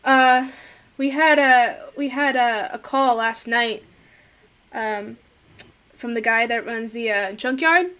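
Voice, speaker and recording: A woman voicing a gruff, crude, middle-aged male small-town cop who swears and grumbles. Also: a little high, slow, pushed and bright. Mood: explaining.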